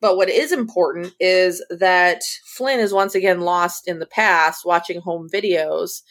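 A woman co-hosting a casual podcast animatedly retells scenes in a recap chat, quoting lines and laughing. Her voice is lowish, unhurried and a bit bright.

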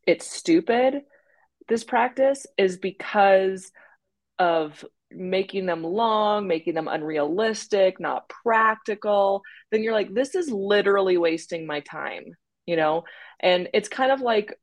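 A young woman co-hosting a podcast, chatting casually in a lively, joking way. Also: fairly low pitch, dry recording. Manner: lively, animated, laughing and joking. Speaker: podcast co-host. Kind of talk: casual chat.

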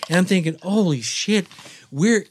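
Animated middle-aged man telling a story. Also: high-pitched, normal speed, a little hiss or hum. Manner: animated, swearing, acts out his own shouts. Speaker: podcast co-host. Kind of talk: casual storytelling chat.

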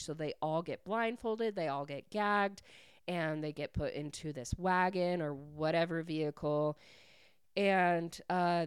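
A woman's voice: deep voice, clear, resonant tone, no room sound, clean studio sound. Chatty young woman recapping a book. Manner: chatty, peppered with "like", excitable. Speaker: podcast host.

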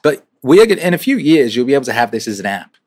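A man's voice: medium pitch, very animated, racing, darkish tone. A man hosting a weekly question-and-answer livestream, chatting casually, swearing and repeating phrases for rhythm. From England.

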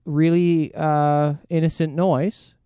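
A man's voice: fairly high pitch, slow, clean tone, no echo. A man telling a crude story in casual chat, swearing often and acting out the voices of the people in it. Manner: animated storyteller, swears a lot, acts out quotes. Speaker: podcast co-host.

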